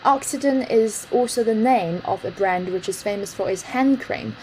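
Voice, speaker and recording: A woman's voice: mid-range voice, normal speed, a little mellow, slight background noise, poor audio. A woman hosting a language lesson, explaining an article in an explanatory way and slipping into French with ease. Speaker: host explaining news articles.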